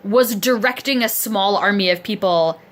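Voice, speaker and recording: A woman's voice: mid-range voice, moderate pace. A woman recording a casual video diary close to the camera, chatty and rambling, sore and aching as she sits propped up in a chair. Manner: chatty, rambling, self-deprecating. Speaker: vlogger. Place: indoors at a friend's home, seated in a chair. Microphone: camera close to the face.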